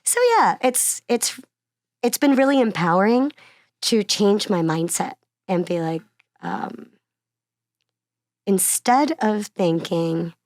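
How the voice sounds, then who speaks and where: A lively, chatty woman from Miami, Florida, an actress and singer-songwriter appearing as a guest in a casual conversational interview. Her voice sits at a medium pitch and she takes things slowly, telling stories animatedly, laughing often between phrases and filling her speech with "like" and "you know." The recording is dry and studio quality.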